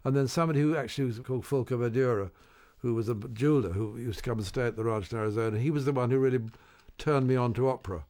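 A man's voice: medium pitch, very fast, hardly any pauses, mellow. Older man telling wry anecdotes. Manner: wry, anecdotal, hesitant restarts. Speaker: interview guest. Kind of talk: radio interview.

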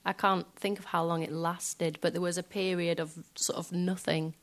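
A woman musician speaking softly and hesitantly in a reflective interview in front of a live audience, filling pauses with small filler phrases. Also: lowish voice, little pitch movement. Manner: soft, hesitant, many fillers. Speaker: guest musician.

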